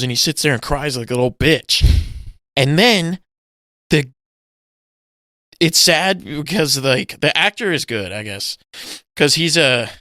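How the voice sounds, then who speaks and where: A man co-hosting a casual podcast, recounting scenes with a lot of swearing and sudden acted-out yells. His voice is bright and crisp. It sounds close and dry, with no room around it. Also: mid-range voice, no room sound. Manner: animated storytelling, swearing, loud acted-out yells. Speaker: podcast co-host. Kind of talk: casual chat.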